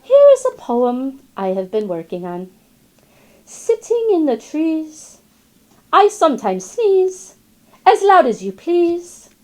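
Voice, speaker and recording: A woman's voice: high voice, very animated, takes it slowly, full character voice. A woman voicing a chatty, wry female classroom parrot in storybook narration, slipping into rhymes and Spanish words. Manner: rhyming, sly asides, tosses in Spanish words.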